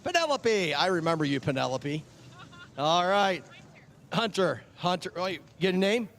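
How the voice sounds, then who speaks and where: A man's voice: sits high, animated, moderate pace, vocal fry, fairly bright tone. A man working as a track chaplain, chatting with kids in a friendly, joking way and repeating their names back to them, outdoors at a speedway. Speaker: track chaplain handing out ice cream vouchers. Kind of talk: casual chat with kids over a PA.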